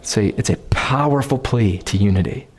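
A man preaching a sermon, pleading and repeating phrases for emphasis, rising to impassioned emphasis and settling into quiet prayer. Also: on the low side, brisk, breathy edge.

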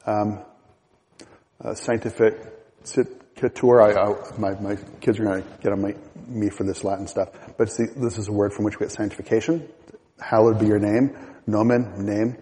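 A middle-aged man teaching a Bible class in a relaxed, halting way, with fillers and restarts. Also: lowish voice, in a large hall, low-quality recording. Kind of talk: church class lecture.

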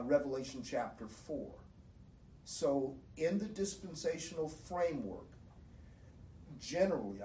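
A man teaching a Bible study in a measured, explanatory lecturing manner. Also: medium pitch, dark tone, distant mic, a little hiss or hum. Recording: roomy echo, voice from off-mic.

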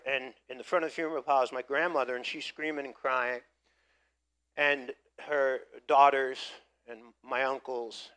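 A middle-aged man from the United States, a pastor telling a personal story in a sermon and building from quiet recollection to loud, emphatic preaching. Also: mid-range voice.

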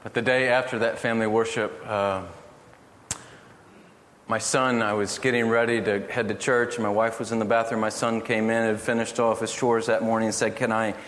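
A middle-aged man preaching a sermon, telling family stories in an earnest, gently humorous way. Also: on the low side, level tone, moderate pace. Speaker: pastor. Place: church hall. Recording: echoey hall from far off, faint noise.

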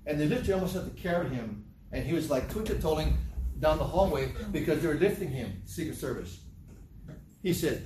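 A male pastor preaching a sermon in a church hall, animated and emphatic, repeating his points and acting out quotes. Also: a little high, a little fast. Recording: echoey room with faint noise.

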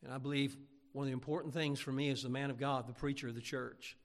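A man's voice: medium pitch, steady tone, fast talker, big-room sound. A man pastor preaching a fervent, emphatic sermon in a church sanctuary.

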